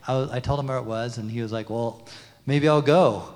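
A mid-pitched man tells a testimony at a church meeting, rambling and acting out bits of dialogue. His voice carries the long reverb of a church hall. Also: brisk, darkish tone. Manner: rambling, with many "you know"s and quoted dialogue. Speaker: congregation member. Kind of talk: telling a testimony.

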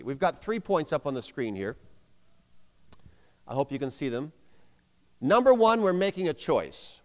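A man's voice: fairly high pitch, in a large hall. A man preaching a sermon, emphatic, having the congregation repeat phrases aloud.

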